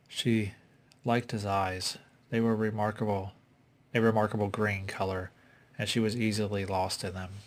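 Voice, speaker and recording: A man reading a suspense story aloud in a steady, unhurried way. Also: fairly low pitch. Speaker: reader. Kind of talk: audiobook story narration.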